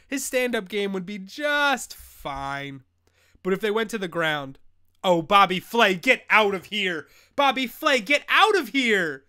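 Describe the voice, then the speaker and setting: A man's voice: sits high, sharp tone. A young man hosting a live fantasy football advice stream, bantering loosely and joking as he answers chat questions. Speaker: host.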